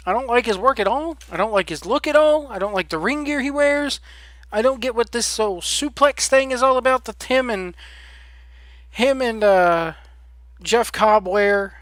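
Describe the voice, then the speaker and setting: Man, high voice, podcast host, blunt, sarcastic, lots of ums, close dry mic. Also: fairly bright tone, no room sound. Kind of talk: casual opinion rant.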